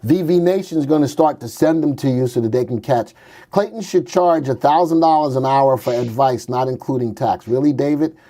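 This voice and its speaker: A man's voice: medium pitch, brisk, mellow. A man hosting a stock market show, talking casually through charts and cracking jokes with his co-host. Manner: wisecracking, slips into silly put-on voices.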